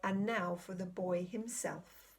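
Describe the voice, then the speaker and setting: A woman reading aloud, voicing a great solemn male lion king who speaks slowly and with authority. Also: on the low side, fairly even intonation, gravelly, pitched below the performer's own voice. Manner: slow, solemn, commanding.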